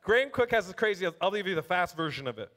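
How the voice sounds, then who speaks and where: A male preacher with a high voice who preaches in a loose, chatty way, calling out to the congregation. He breaks off to read scripture aloud, building up emphasis as he reads. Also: rapid-fire. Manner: animated, conversational, addresses congregation directly. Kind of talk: sermon.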